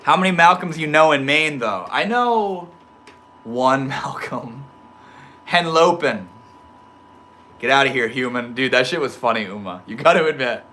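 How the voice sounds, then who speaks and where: A man's voice: mid-range voice, lively intonation, unhurried, sharp tone. A man hosting a casual live stream, reading the chat aloud, joking around with slang and laughing often. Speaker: livestream host reading chat.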